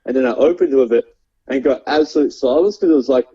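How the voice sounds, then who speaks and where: Laughing Australian comedian, dull lo-fi audio. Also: male voice, mid-range voice, quick pace, warm tone, husky. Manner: laughing often, rambling with many fillers. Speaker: stand-up comedian guest. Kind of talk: casual storytelling chat. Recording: dull lo-fi sound.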